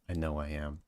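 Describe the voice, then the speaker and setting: Male streamer, deep voice, joking and self-mocking, dry close sound. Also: darkish tone, no echo. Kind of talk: casual chat, reading viewer comments.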